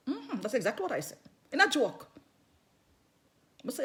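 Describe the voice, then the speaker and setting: Woman, middle-aged, animated vlog storyteller, very expressive melody. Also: fairly high pitch, a little fast, pauses often. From London. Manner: animated, laughing, patois-laced storytelling. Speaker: vlogger telling a personal story. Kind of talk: casual storytelling.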